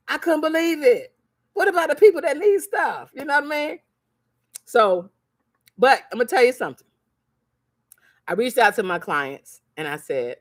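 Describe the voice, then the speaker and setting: A woman's voice: high-pitched, expressive, moderate pace, pauses often, no echo, clean studio sound. A woman talking to her viewers in a motivational livestream, telling stories animatedly, acting out the voices of the people in them, and repeating phrases for emphasis like a preacher. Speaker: crafts seller and vlogger.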